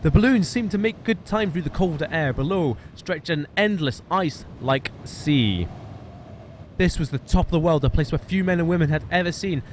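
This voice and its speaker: A man's voice: on the high side, normal speed, slight background noise. A man streaming a game, reading its narration and dialogue aloud and joking with friends. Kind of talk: live-streamed game read-aloud with chat.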